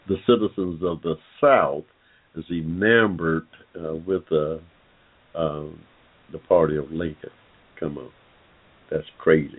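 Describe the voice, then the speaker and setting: Deep-voiced man on a tinny phone line. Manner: rambling, frequent "uh" fillers, addresses listeners as "y'all". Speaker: online forum host. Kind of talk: casual talk-show commentary.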